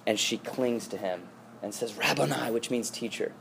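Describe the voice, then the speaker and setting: A man's voice: lowish voice, steady tone, normal speed, a little hiss or hum. A male pastor giving a sermon in a conversational storytelling manner, with frequent asides and restarts.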